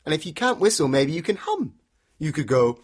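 A man narrating an interactive story for children, playful and animated, inviting listeners to join in with actions and sounds. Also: on the high side, fairly quick, noisy background.

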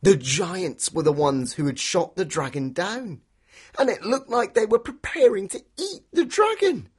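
A man's voice: high-pitched, animated, a little slow, husky. A man, telling an interactive children's story and inviting listeners to join in. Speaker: storyteller guide for a children's walk.

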